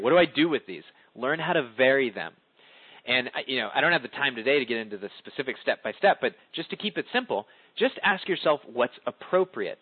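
A man runs a conference call, coaching listeners on public speaking. His voice climbs and dips with lively emphasis, and the call comes through as a tinny, dry phone line. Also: slightly rough, no room sound. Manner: animated, swoops pitch up and down for emphasis.

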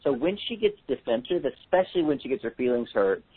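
Guy running a handwriting seminar w callers, chatty, joky, husky voice, phone-line sound. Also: medium pitch, big pitch swings, fast talker. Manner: chatty, explanatory, joking asides. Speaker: handwriting analysis seminar host. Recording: tinny phone-line audio.

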